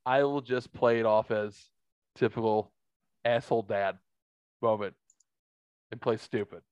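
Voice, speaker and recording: A man's voice: lowish voice, unhurried, pauses often, smooth, no echo, highs cut off. A man in his thirties hosts a casual podcast, telling stories with lots of energy and plenty of laughter. His voice sounds dry and close, with no room around it, and he swears freely along the way. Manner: animated storyteller, laughs often, swears freely. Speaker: podcast host.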